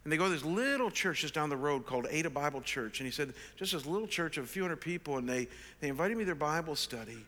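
A man in his sixties, a pastor, telling an animated, self-deprecating story in a sermon. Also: fairly high pitch, quick pace, hardly any pauses. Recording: long reverb of a large hall.

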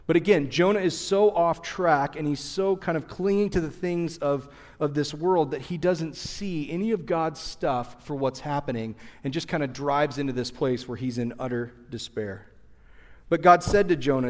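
A man's voice: a little high, normal speed. A man in his thirties preaching a sermon, chatting and telling stories with asides to the congregation. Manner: conversational, animated storytelling with asides to the audience. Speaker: pastor. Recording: long hall reverb.

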